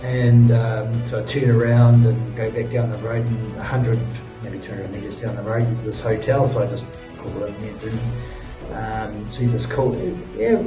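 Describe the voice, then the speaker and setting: A young New Zealand travel vlogger, worn out after a long ride, tells a meandering travel story to camera from a hotel room. His voice is lowish and unhurried, and he's laid-back, filling the talk with sighs and fillers. The mic sits at a distance in a roomy space, with faint music in the background.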